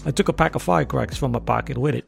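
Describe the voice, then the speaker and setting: A man's voice: mid-range voice, racing, creaky, soft background music. A man narrating a first-person story in a wry, tough-guy manner.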